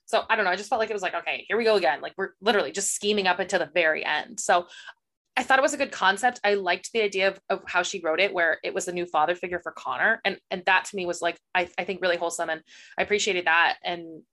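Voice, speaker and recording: A woman's voice: lowish voice, fast talker, sharp tone. A woman co-hosting a casual book podcast, giving candid opinions. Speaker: podcast co-host.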